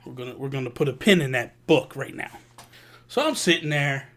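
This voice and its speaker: A man hosting a vlog, telling a personal story in an animated, casual way with slang. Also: mid-range voice, brisk. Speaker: vlog host. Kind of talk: storytelling to camera.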